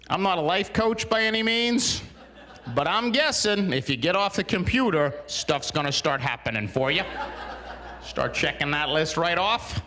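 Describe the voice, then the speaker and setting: A man's voice: high-pitched, a little fast, pushed and bright. A man in his forties doing a stand-up comedy routine on a small studio stage, telling dry, exasperated stories with punchlines.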